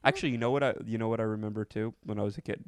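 A man's voice: on the low side, fairly even intonation, racing, no room sound, clean studio sound. A man in casual crude comedy chat, joking and telling stories from his childhood. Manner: joking, storytelling, acts out voices. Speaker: podcast co-host.

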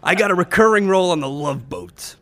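A man's voice: sits high, very animated, brisk, a bit bright, slight background noise. A man playing a brash, crude old vaudeville-style comic in a comedy sketch, firing off punchlines. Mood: boastful. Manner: brash joke-telling with rimshot-style punchlines.

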